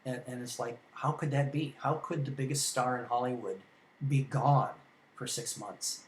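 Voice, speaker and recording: A man's voice: mid-range voice, steady tone, normal speed, a little hiss or hum. A man teaching film history in an informal classroom lecture, rambling and conversational, with many ums and restarts. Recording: echoey room.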